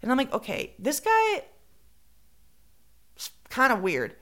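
A woman tells a story on a podcast. She talks in a casual, animated way and acts out each quote. Now and then she drops a Spanish phrase. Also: high-pitched, a little slow. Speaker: podcast co-host.

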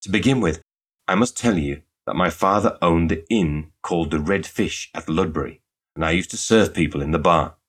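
A man's voice: deep voice, moderate pace, fairly bright tone. A man reading aloud and voicing an impatient, emphatic young woman who serves in a pastry shop. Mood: earnest. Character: young woman shop attendant, brisk and exasperated.

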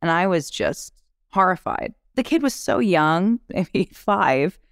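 A woman shares stories on a podcast with lively, laugh-filled candor and casual swearing. Her voice is smooth and clear, recorded close and dry with no room sound. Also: fairly low pitch, slow, no room sound. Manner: animated, laughing, acts out quotes. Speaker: actress guest. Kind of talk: candid podcast storytelling.

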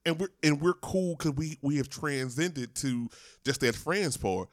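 A man in his thirties co-hosting a casual podcast chat, animated and profane, acting out the voices of people he quotes. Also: on the high side, a little slow, dry recording, studio quality. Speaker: podcast co-host.

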